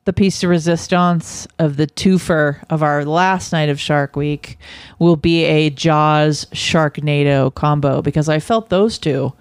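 A woman's voice: low-pitched, unhurried, clear, resonant tone, no room sound. A woman hosting a casual chat podcast, talking in a playful way and laughing often. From California. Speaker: podcast host.

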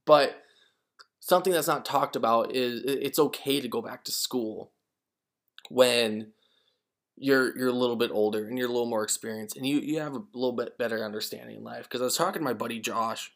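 A young man in his mid-twenties hosts his podcast alone and tells stories in a loose, rambling way. He trips over his words, repeats himself, and slips into quick voices for the people he quotes. His pitch sits in an ordinary middle range for a man. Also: a bit bright. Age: 20s. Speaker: podcast host. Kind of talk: casual solo storytelling.

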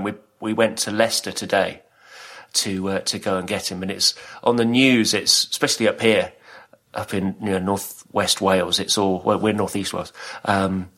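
A man's voice: fairly low pitch, a bit bright. A middle-aged man from Britain, co-hosting a podcast and telling stories in casual chat, laughing often. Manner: chatty storyteller, laughs often. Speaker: podcast co-host.

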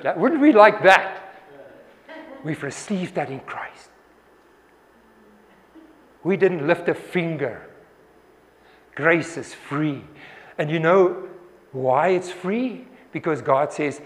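A man's voice: a little high, a little slow, long pauses, long reverb tail. A man preaching a sermon earnestly, often restarting his words and acting out the voices he quotes.

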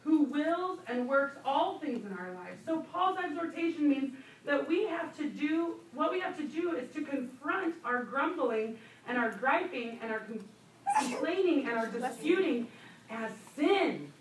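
A woman's voice: high voice, animated, measured pace, echoey room, slight background noise. A woman teaching a Bible study to other women, talking conversationally with laughing asides and emphatic repetition, recorded from a distant mic in a church room. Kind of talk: sermon teaching.

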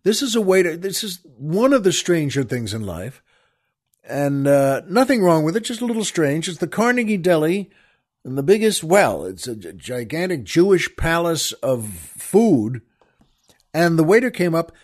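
A male radio host spins a long, digressive story, drifting off topic and circling back. He speaks straight to his listeners and often stops to restart a thought. His voice sits a bit higher than most men's. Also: sing-song. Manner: rambling, digressive, with frequent pauses and restarts; addresses listeners directly. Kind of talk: storytelling monologue.

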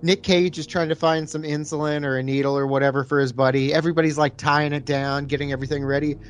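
A man's voice: a little high, flat delivery, quick pace, slight background noise. A man co-hosting a casual podcast, talking loosely about a movie and reviewing a beer. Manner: laid-back, conversational, swears casually. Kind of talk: casual chat.

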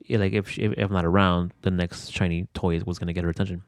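A young man with a very low, deep voice talks through a personal story in an interview. He rambles loosely, full of fillers and casual swearing. The recording is dry and close, with almost no room sound. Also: flat delivery, fast, no room sound. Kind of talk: candid conversational storytelling.

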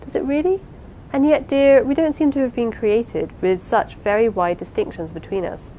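A woman reading the part of an impulsive, warm-hearted young wife in an audiobook, with an eager, pleading, apologetic manner. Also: fairly high pitch, normal speed, slight background noise, pitched above the performer's own voice, lightly acted, low-quality recording. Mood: earnest.

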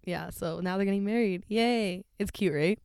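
A woman in her twenties chatting casually, relaxed, with short replies and casual swearing. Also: medium pitch, moderate pace, creaky, clear, resonant tone, no echo, studio quality. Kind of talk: casual chat.

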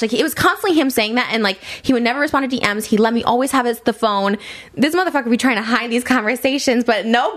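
A woman's voice: fairly high pitch, lively intonation, fast talker, fairly bright tone. A woman hosting a casual podcast, talking bluntly with lots of swearing and rambling restarts as she reacts to messages she reads aloud. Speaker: podcast host.

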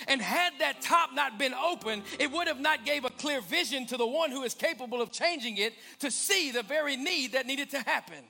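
A male pastor with a very high, gravelly voice preaching a sermon in a church. His tone is bright and forceful, rising into emphatic swells and falling to quiet asides, with faint music underneath. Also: very animated, fairly quick. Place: church sanctuary.

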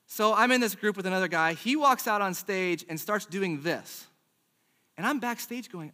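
A middle-aged man preaching a sermon, telling a self-deprecating personal story in a chatty, animated way. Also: sits high, normal speed. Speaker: pastor.

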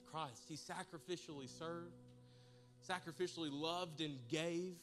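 A man preaching to his congregation, telling a comic personal story with animated, humorous delivery. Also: on the high side, unhurried, soft background music. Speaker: pastor. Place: church service in a large room.

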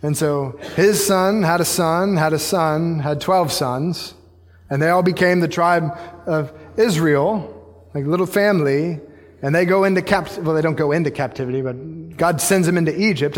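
A man's voice: a little high, moderate pace. A male pastor preaching a sermon in a casual, slangy, conversational way. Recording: long hall reverb.

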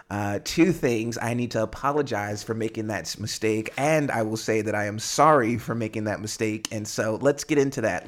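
A man hosting a podcast for English learners, explaining language in a rambling way with many fillers and tag questions. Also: fairly low pitch. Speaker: podcast host and English teacher. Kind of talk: casual teaching monologue.

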